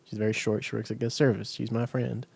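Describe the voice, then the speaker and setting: A man's voice: medium pitch, flat delivery, fast talker, vocal fry, darkish tone, husky. A young man co-hosting a casual chat over beers, telling long rambling stories full of swearing and acted-out quotes. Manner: rambling storyteller, swears freely, acts out quoted lines. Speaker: podcast co-host.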